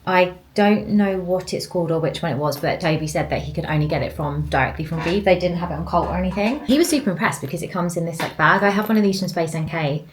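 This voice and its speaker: A woman's voice: on the low side, fast, few pauses, a little hiss or hum. A young woman in a casual vlog, chatting to her handheld camera at home, rambling with lots of fillers. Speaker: vlogger.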